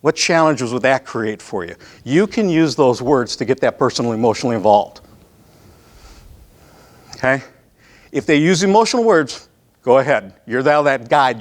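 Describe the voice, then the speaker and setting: A man with a Midwest American accent running a live sales training session, talking conversationally and often checking in with the room. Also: medium pitch.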